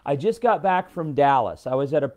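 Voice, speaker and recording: An American man hosting a live stream in a loose, rambling way, stopping often to greet viewers by name. His voice is warm and mellow and sits a bit high for a man. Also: expressive, a little fast. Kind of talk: casual live-stream talk.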